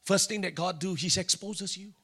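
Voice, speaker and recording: A man's voice: high voice, steady tone, normal speed, a bit bright, husky. A middle-aged man with a Singaporean English accent preaching a sermon, telling stories animatedly and acting out the dialogue. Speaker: pastor.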